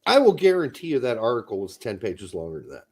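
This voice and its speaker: A man co-hosting a casual soccer talk show, profane and animated, bursting into loud mock rants. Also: medium pitch, fast, breathy edge. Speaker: podcast co-host. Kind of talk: casual chat.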